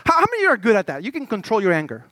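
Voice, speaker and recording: Animated high-voiced male preacher. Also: racing, no room sound. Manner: animated, shifts between shouting and low murmurs; conversational, stammering restarts. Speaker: pastor. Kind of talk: sermon.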